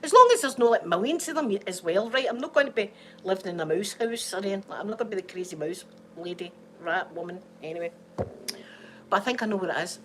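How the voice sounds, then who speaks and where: A woman's voice: mid-range voice, animated, fast. Scottish lady rambling on in a casual vlog, feeling poorly, bit of faint hiss behind her. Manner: chatty, rambling, laughs often. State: unwell. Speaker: vlogger.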